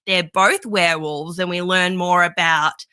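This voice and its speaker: A woman with an Australian accent co-hosting a podcast, chatting casually and gushing about books with quick laughs. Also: on the low side, fairly even intonation, sharp tone, clear, resonant tone, dry recording. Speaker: podcast co-host. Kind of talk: casual chat.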